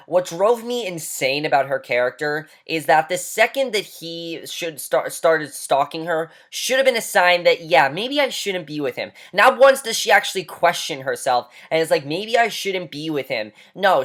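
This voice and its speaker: A man's voice: fairly high pitch, fairly bright tone. A man ranting through a movie review, heated, blunt and emphatic, swearing now and then.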